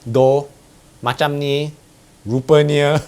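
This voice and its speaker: A man's voice: on the high side, fairly even intonation, slow, darkish tone. A young man, casually explaining everyday words and spelling them out letter by letter, with frequent "like" and "kind of" fillers. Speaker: vlogger teaching colloquial words.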